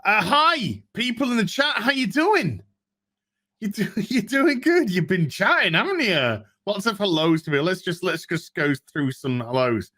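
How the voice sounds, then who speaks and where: A man's voice: sits high, sing-song, unhurried, sharp tone. A man hosting a casual live stream, chatting and greeting viewers in the chat one by one.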